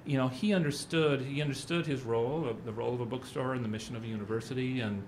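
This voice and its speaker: A man's voice: medium pitch, steady tone, quick pace, a little mellow, slight background noise. A middle-aged man giving a conference talk, telling rambling anecdotes and acting out what others said. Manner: rambling storyteller who acts out quotes. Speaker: conference speaker.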